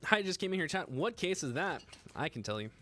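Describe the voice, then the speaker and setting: A man's voice: a little high, big pitch swings, fairly quick, bright, forceful tone, a little hiss or hum. A man hosting a casual live stream, joking and laughing as he gets flustered over his own slip. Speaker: livestream host building a PC.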